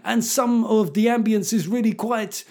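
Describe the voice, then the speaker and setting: A man's voice: high voice, moderate pace, dark tone, pitched above the performer's own voice. A man voicing a hyped-up UK garage MC doing rhythmic rave patter.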